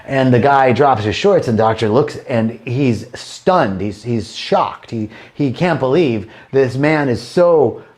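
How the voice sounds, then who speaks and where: A man's voice: medium pitch, lively intonation, takes it slowly, few pauses, darkish tone. A man hosting a casual livestream and telling jokes to viewers, rambling and restarting lines and laughing at his own punchlines. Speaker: host telling jokes to a live online audience.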